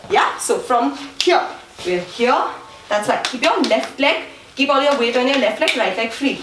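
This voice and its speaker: A woman's voice: fairly high pitch, lively intonation, normal speed, a bit bright, a little hiss or hum. A woman teaching a dance routine, counting steps and singing rhythm sounds. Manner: counts beats and sings vocal sounds to the rhythm. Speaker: dance instructor. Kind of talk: dance tutorial instruction with counting. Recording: roomy echo, voice from far off, faint ambience.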